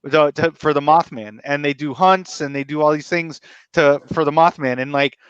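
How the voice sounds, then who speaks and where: A man on a podcast rambles enthusiastically through a story, with a slightly high voice. His mic sounds a little dull and lo-fi, and the sound is dry and close. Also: fairly even intonation, normal speed, clean tone, no room sound. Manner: rambling, enthusiastic retelling of lore. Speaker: podcast co-host. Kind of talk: casual chat.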